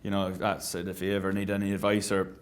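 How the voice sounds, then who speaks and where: Fast-talking Irish man, low voice. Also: completely flat delivery. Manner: chatty, laughs easily, trails off softly. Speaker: singer-songwriter guest. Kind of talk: casual radio interview chat. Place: radio studio.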